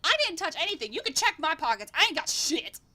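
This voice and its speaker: A mouthy halfling stall-keeper, crude and indignant, shouting down anyone who calls him a thief in a high, bright voice. A woman voices him in a tabletop game. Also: big pitch swings, fast talker, full character voice. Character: rude, defensive halfling twin market stallholder.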